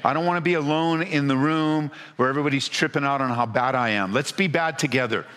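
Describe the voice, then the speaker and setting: A man's voice: on the high side, fast talker, fairly bright tone, in a large hall, slight background noise. A man preaching as a pastor to a congregation, talking in a conversational way and firing off rhetorical questions with frequent restarts. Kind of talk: sermon. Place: church hall before a congregation.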